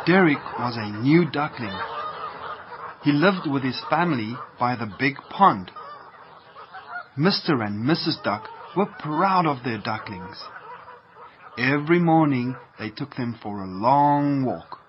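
Man slowly reading a children's story. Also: mid-range voice, lively intonation. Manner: slow, gentle read-aloud. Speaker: radio storyteller. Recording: muffled lo-fi radio, faint hiss.

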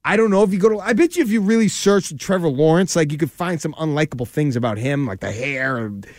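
Earnest New man, slightly high. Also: a little mellow, no echo, clean studio sound. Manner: earnest, measured, reasoning aloud. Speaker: podcast co-host. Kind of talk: casual sports talk.

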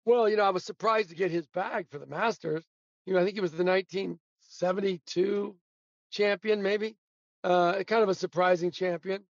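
Guest storyteller, male, high voice, dry dull lo-fi sound, chuckles through tales. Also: normal speed, no room sound. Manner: animated anecdotes, laughs often. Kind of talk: casual storytelling interview.

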